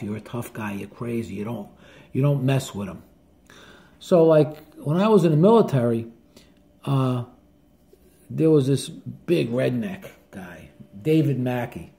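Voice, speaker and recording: A man's voice: mid-range voice, gravelly, dark tone. An older man with a New Jersey accent, a barber and author, telling stories in a blunt, casual way and swearing freely. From northern New Jersey. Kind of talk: casual storytelling to camera.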